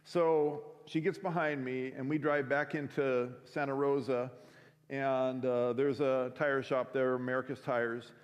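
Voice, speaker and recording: A man preaching a sermon by telling a story, in a relaxed conversational way with frequent restarts. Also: mid-range voice, unhurried. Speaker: pastor. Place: school chapel or auditorium. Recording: long hall reverb.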